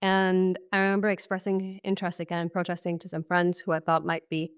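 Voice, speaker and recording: Smooth-voiced woman recalling her story. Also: lowish voice, completely flat delivery, fairly quick. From Syria. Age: 30s. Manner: reflective, casual, many fillers. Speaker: guest. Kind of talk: personal testimony in conversation.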